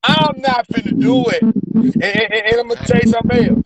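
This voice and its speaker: A man with a Southern accent hosting a casual chat, speaking emotionally with stammering restarts and sudden high outbursts. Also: fairly quick, a bit bright, rough recording. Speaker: podcast host.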